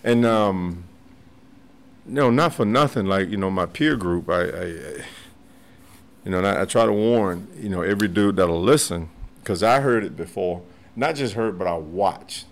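A man's voice: low voice, moderate pace. A man in his forties or older, chatting casually on a podcast, swearing freely and laughing as he tells stories. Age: 40s or older. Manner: profane, animated, laughs often. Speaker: podcast guest, martial arts master. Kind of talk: casual storytelling chat.

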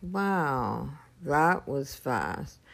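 A woman's voice: a bass voice, big pitch swings, very slow, vocal fry. A woman telling a story in a casual podcast monologue, acting out both sides of a conversation and laughing now and then. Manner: chatty, retells dialogue with lots of "I go" and "he's like", laughs often. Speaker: podcast host. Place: at home.

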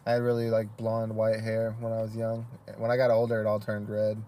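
A man's voice: lowish voice, monotone, brisk, mellow, slight background noise. A young man co-hosting a casual podcast chat, laid-back and blunt, teasing his friend. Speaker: podcast co-host.

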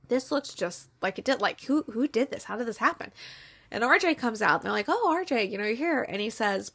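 Chatty woman recapping a movie, a bit gravelly. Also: mid-range voice, fairly bright tone. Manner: chatty retelling, acts out quotes, fillers like "like". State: tearful, near crying. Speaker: podcast host reviewing movies.

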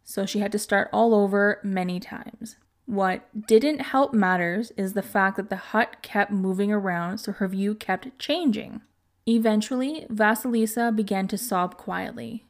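A woman hosting a podcast tells an old folk tale aloud. Her narration is calm and measured, with a mid-pitched voice. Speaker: podcast host. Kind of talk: storytelling narration.

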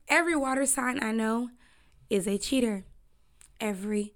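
A woman's voice: a little high, normal speed, pauses often, a bit bright. A woman hosting her own podcast, talking casually and bluntly, with a lot of slang and swearing. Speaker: podcast host. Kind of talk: casual solo podcast chat.

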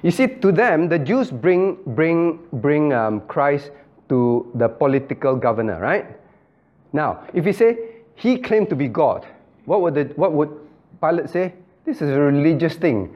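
Lively-voiced pastor leading a Bible study. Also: male voice, on the high side, measured pace, muffled recording. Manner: questions listeners by name, repeats phrases, acts out quoted dialogue. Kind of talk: interactive Bible study teaching.

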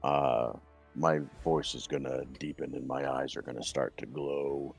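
Very deep, husky man playing a tabletop game. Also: little pitch movement, measured pace, faint music behind. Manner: hesitant, many fillers while deciding moves. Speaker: player.

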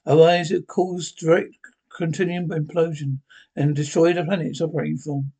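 A man with a husky voice reading the lines of an eccentric male time traveller, naming the character before each line. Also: fairly high pitch, flat delivery, moderate pace, dark tone. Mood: brisk.

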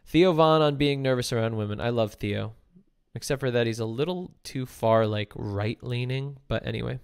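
A man hosting a casual podcast stream, talkative and quick to laugh, explaining ideas at length. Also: medium pitch, vocal fry, clean tone. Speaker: podcast host. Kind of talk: casual livestream chat.

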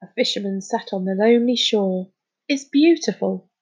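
A woman voicing a thoughtful, caring schoolgirl who speaks softly and earnestly, in a storybook reading. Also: moderate pace, husky. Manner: soft and earnest, shrill when alarmed.

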